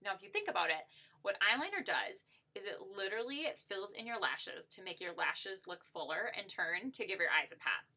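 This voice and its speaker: A woman's voice: medium pitch, sing-song, a little fast, bright, forceful tone. A woman giving a casual makeup tutorial while demonstrating on herself, upbeat and gushing, with lots of "like" and "so" fillers.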